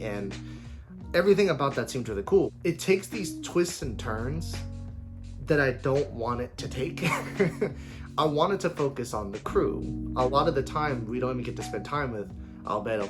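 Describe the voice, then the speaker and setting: Casual male vlogger, very expressive pitch, blunt and sweary, guitar music underneath. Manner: animated, swears freely, mimics characters in silly voices. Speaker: anime commentary vlogger. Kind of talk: casual opinion rant.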